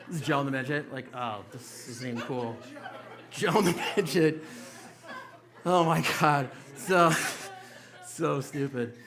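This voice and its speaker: Young male stand-up comic, bright tone, crude loose storytelling, club stage. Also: a little high. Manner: loose, profane storytelling with mocking quoted voices. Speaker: stand-up comedian. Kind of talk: stand-up set. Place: small comedy club stage.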